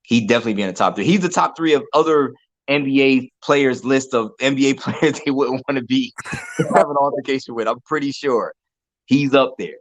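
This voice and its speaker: Relaxed male sports talker, dry close sound. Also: medium pitch, a little fast, no echo. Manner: relaxed, repeats words, laughs easily. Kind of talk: casual sports chat.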